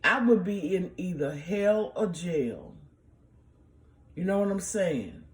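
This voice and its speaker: A middle-aged woman giving slow, emotional, emphatic commentary to her viewers. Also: lowish voice, sing-song. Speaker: vlogger. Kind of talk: casual commentary. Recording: echoey room.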